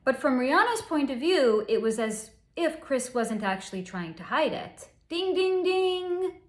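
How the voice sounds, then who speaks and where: A woman's voice: a little high, big pitch swings, moderate pace, roomy sound. A woman giving a psychic reading, telling a story candidly and swearing freely. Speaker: psychic reader. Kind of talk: solo spoken energy reading.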